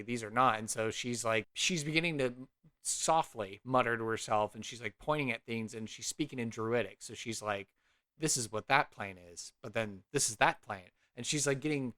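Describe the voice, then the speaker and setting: A man's voice: mid-range voice, a bit bright, clean tone. Rambling man narrating his character. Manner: rambling, many fillers. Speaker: player. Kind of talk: casual tabletop narration.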